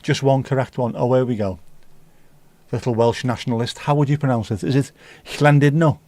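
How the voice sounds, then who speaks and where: Swearing livestream host. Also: male voice, medium pitch, fairly quick, mellow, no echo. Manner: banter with swearing and mock accents. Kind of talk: casual livestream chat.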